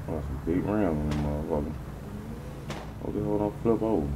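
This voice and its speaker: A man's voice: rumbling low, brisk, over loud music, low-quality recording. A man giving rambling, profane gameplay commentary as he talks to his viewers. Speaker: gaming streamer.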